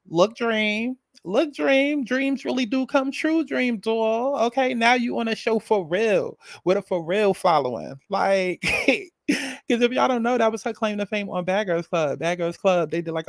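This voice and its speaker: A man's voice: fairly high pitch, dry recording. A man giving a casual, sassy and profane recap of a reality show, repeating phrases for emphasis.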